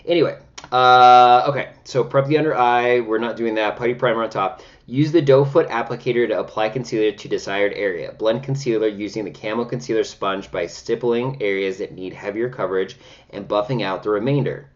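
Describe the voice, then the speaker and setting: Man, low voice, dramatic, chatty makeup review, dull recording. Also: fairly quick. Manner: chatty and dramatic, sassy exclamations. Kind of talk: casual makeup review vlog. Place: home.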